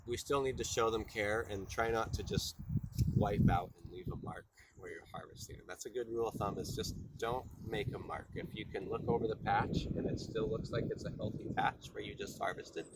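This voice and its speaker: Easygoing low-voiced man teaching outdoors. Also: steady tone, fairly quick, very noisy. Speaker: cultural tutorial presenter. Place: outdoors at a plant patch.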